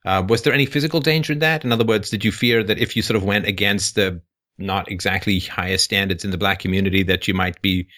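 A man's voice: deep voice, fast, bright, forceful tone. Sarcastic British male talk host. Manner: probing, dryly sarcastic questions. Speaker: call-in show host. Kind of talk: call-in show conversation.

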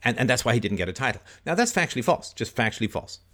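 Middle-aged male livestream host, lively swooping delivery, mocking, quick to laugh, acts out quoted voices. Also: mid-range voice. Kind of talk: casual livestream monologue.

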